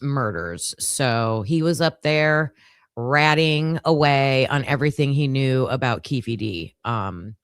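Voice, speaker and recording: A woman's voice: rumbling low, takes it slowly, smooth, dry recording, studio quality. A woman hosting a casual livestream with a groggy morning voice, chatting to her viewers with lots of fillers. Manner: chatty, filler-heavy, talks to chat. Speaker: livestream host.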